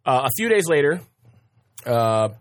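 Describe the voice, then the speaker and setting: A man's voice: medium pitch, sing-song, a little slow, crowd noise. A man hosting a podcast, telling a history story casually, with many fillers and frequent laughs. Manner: chatty, laughs often, many fillers and restarts.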